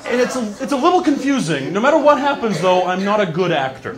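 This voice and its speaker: A man doing a stand-up comedy monologue into a handheld microphone in a small venue, wry and deadpan with quick asides. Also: high-pitched, a crowd in the background.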